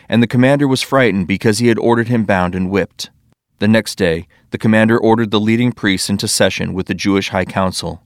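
A man reads scripture aloud in a steady, measured voice. His pitch sits low and the delivery stays even. The recording is dry and close, with no room sound. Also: dry recording. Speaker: scripture reader. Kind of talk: scripted Bible reading.

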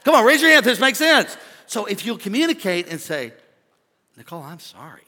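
Pastor guy preaching, chatty and joking, bright voice bouncing round a big hall. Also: extremely high pitch, a little fast. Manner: animated and conversational, joking with the crowd. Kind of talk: sermon. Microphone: stage microphone.

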